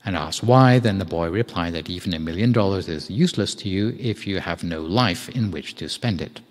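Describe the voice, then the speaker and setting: Monk, male, very low voice, measured storytelling sermon, hall reverb. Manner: measured, gentle storytelling with occasional fillers. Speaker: monk giving a Dhamma talk. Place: meditation hall.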